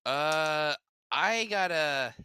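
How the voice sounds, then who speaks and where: A man's voice: a little high, expressive, drawn-out words, bright, forceful tone, smooth, no echo. A man playing a tabletop game over voice chat, jokey and playful. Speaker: player.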